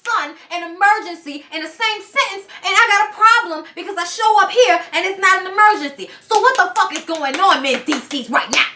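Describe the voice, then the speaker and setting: A woman putting on the voice of an upset pregnant woman, shrill and indignant, demanding answers from her partner. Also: lively intonation, fairly quick, hardly any pauses, sharp tone, reverberant, exaggerated voice.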